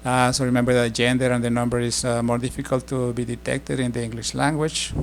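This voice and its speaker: A middle-aged man giving a casual spoken language lesson, explaining slowly with many fillers and restarts. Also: medium pitch, little pitch movement, gravelly, background noise. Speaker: language teacher.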